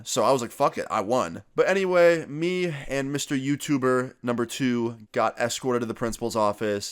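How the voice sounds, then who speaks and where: A young man casually retelling a school story as a vlogger, swearing freely and acting out both sides of the conversation. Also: medium pitch. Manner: casual, profane, animated retelling. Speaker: youtuber. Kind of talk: storytime vlog.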